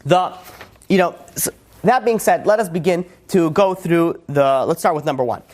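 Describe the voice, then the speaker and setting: This rabbi's slightly high, somewhat mellow voice moves at a moderate pace as he teaches a religious class. His style is emphatic, full of rhetorical questions and frequent restarts.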